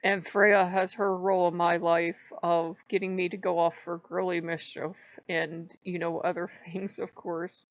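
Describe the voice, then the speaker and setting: A woman's voice: fairly low pitch, little pitch movement, measured pace, hardly any pauses, no echo. Woman rambling on emotionally in a vlog, laughs a lot, dull lo-fi audio. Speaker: spiritual vlogger. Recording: dull lo-fi, dry.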